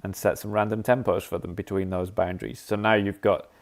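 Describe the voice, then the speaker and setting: Low-voiced man demoing an app. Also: level tone, fairly quick. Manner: thinks aloud while clicking, scats rhythms as "da da". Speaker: app developer demonstrating features. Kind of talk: casual live-stream software demo.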